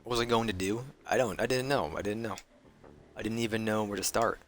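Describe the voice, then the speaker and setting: A male streamer narrates a story game aloud in a fairly low voice. He reads earnestly, stumbling now and then and correcting himself. Quiet game music sits underneath. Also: fairly quick. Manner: earnest narration with small slips and self-corrections.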